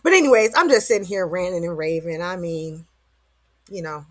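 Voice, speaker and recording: A woman's voice: on the low side, expressive, moderate pace, dry recording. A woman vlogger giving a casual motivational monologue, slangy and rambling, full of rhetorical questions.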